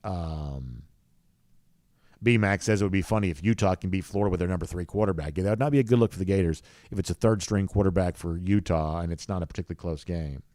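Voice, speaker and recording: Low-voiced man chatting casually. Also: fast, warm tone, dry recording, studio quality. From rural US South. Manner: easygoing, drawling, many fillers and restarts. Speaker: podcast host. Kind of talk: casual live-stream chat reading viewer comments.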